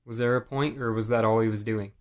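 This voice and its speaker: A man's voice: fairly low pitch, fairly even intonation, fast talker. A man co-hosting a casual podcast chat, laid-back and joking, asking questions as he recaps. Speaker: podcast co-host.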